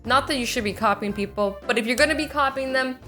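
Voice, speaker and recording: A woman's voice: a little high, quick pace, bright, forceful tone, soft background music. A young woman reacting to texts in a YouTube video, chatty and joking with a sarcastic edge.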